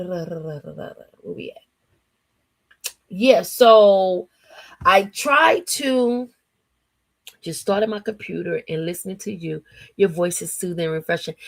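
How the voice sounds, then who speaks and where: A woman from New Jersey with a New Jersey accent, hosting a casual morning livestream in a chatty, slangy way, laughing often and reading her chat aloud. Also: mid-range voice. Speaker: livestream host.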